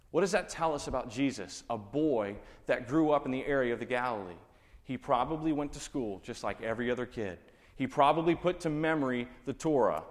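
Texan man, pastor, preaching in a relaxed teaching tone, long hall reverb. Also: mid-range voice, brisk. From Texas. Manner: conversational teaching with rhetorical questions. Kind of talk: sermon.

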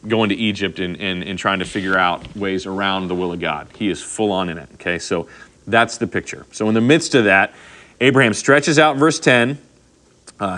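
Bright-voiced pastor preaching conversationally. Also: male voice, lowish voice. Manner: conversational, animated storytelling with frequent "okay?" asides. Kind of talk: sermon.

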